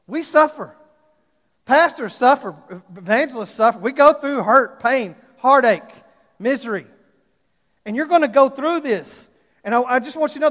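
A man's voice: extremely high pitch, fairly bright tone. A man preaching a storytelling sermon, acting out the voices of the people in his stories. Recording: reverberant hall.

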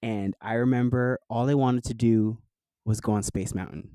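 Animated storytelling man from New Jersey. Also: mid-range voice, moderate pace, clear, resonant tone, dry recording, poor audio. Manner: animated storyteller, laughs often, fillers like "like". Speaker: guest. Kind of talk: casual interview chat.

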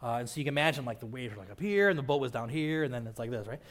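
A man's voice: mid-range voice, animated, racing. A man pastor giving a conversational sermon, with casual asides and frequent "right?" checks to the listeners.

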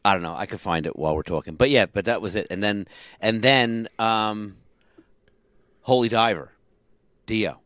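A middle-aged man with a lowish voice talks animatedly on a podcast about the albums he learned on drums. He is recorded close on a dry studio mic. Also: moderate pace, pauses often, no room sound. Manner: animated, hums drum fills. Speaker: podcast co-host and drummer. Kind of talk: casual chat.

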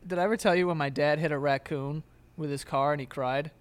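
Young man, high voice, podcast co-host, laughs a lot, animated storytelling. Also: fairly quick, smooth. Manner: animated storyteller, laughs often, acts out his dad. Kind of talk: casual chat.

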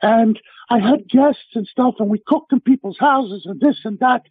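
Over a tinny phone line with no room sound, a middle-aged celebrity chef from the US recounts stories for an interviewer in a brash, blunt, animated manner. His voice is very high and husky, delivered at normal speed.

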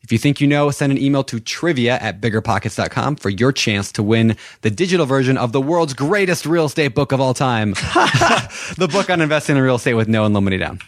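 A man's voice: medium pitch, animated, quick pace, few pauses, dry recording, studio quality. A man co-hosting a podcast, chatting casually in an upbeat, promotional way. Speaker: podcast co-host.

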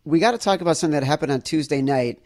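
A man's voice: on the high side, very fast, a little mellow. A man co-hosting a sports podcast, teasing his partner in an upbeat way. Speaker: podcast co-host. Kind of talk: casual sports chat.

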